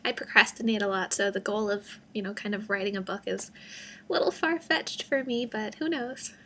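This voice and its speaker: A woman's voice: medium pitch, normal speed, pushed and bright, a little hiss or hum. A young woman talking casually to her camera in a rambling, self-deprecating way, full of fillers. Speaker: vlogger. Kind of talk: casual vlog monologue.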